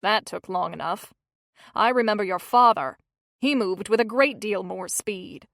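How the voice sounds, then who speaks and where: Brief: a woman doing a bossy, cranky old lady in an audiobook, blunt and loud, with a close, dry sound. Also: medium pitch, unhurried, gravelly, no echo. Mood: grumbling.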